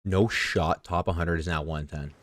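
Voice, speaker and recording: A man casually commentating his own speedrun, excitable and self-mocking, swearing freely. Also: low voice, normal speed, background noise. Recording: game music clearly behind the voice. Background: game music.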